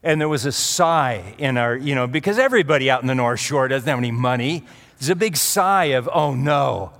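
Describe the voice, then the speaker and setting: A man's voice: mid-range voice, expressive, fairly quick, a bit bright. A middle-aged male pastor giving a sermon in a conversational way, with asides and restarts as he tells a story. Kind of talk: sermon with personal anecdote. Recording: long reverb of a large hall.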